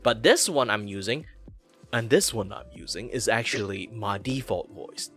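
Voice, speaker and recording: A man in his thirties from Malaysia chatting casually, jumping between low and high voices to show them off. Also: animated, moderate pace, fairly bright tone, faint music behind. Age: 30s. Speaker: VTuber guest or co-host. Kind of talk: casual chat.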